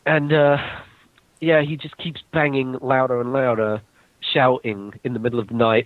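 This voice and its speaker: A man's voice: mid-range voice, fairly even intonation, normal speed, no echo. A young man casually telling a story to friends, laid-back and swearing freely. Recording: dull lo-fi recording.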